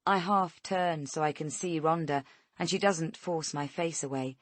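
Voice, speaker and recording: A woman narrates a tense first-person thriller in a steady reading voice that sits a little low. The recording is close and dry, with no room sound. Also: measured pace, dry recording. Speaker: audiobook narrator.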